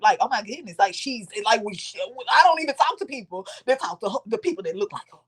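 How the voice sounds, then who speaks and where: Animated, profane woman telling a story. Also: on the high side, fast, hardly any pauses, slightly rough. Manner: animated, profane, dramatic quoting of others. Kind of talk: casual storytime.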